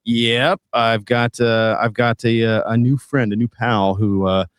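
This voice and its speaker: A man co-hosting a podcast, talking casually in a halting way, repeating words and using many fillers. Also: mid-range voice, little pitch movement, clear, resonant tone, dry recording, studio quality. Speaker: co-host. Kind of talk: casual chat.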